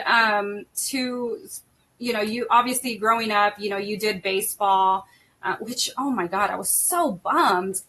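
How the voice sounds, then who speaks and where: A middle-aged woman hosts a casual podcast, talking in a bright, clear voice. She is emotional and laughs easily, and she fills her sentences with "like" and "you know.". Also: mid-range voice, a little slow. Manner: emotional, laughing often, many fillers. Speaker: podcast host. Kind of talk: casual chat.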